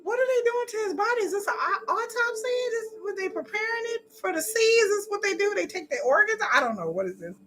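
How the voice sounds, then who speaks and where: A woman streamer reacting live to an episode, excitable and laughing, swearing freely and mimicking the characters. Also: extremely high pitch, quick pace, hardly any pauses, noisy background. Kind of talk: live watch-along reaction.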